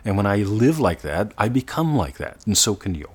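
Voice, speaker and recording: A man giving a motivational coaching talk, earnest, sometimes slowing to a soft, drawn-out demonstration voice. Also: on the low side, big pitch swings, slightly rough. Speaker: manifestation coach.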